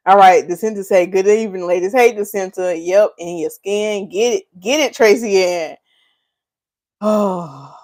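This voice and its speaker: Reading out viewer comments on her laid-back hair care livestream, a woman from North Carolina teases her audience through frequent laughter. Her voice is medium in pitch and a little slow, animated and rich with Southern Black vernacular.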